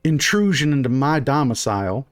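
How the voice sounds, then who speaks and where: A man voicing a stern, sharp-tongued middle-aged townswoman who is a mother, with a bossy, folksy drawl, in a tabletop game. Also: mid-range voice, big pitch swings, normal speed, no echo, clean studio sound, faint music behind, close to an everyday voice.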